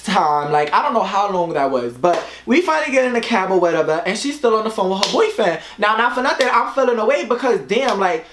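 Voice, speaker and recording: A young man with a fairly high voice tells a story in casual chat, dramatic and quick to laugh, swearing freely. His voice echoes in the room. A faint hiss sits behind it. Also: sing-song, fairly bright tone. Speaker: guest friend.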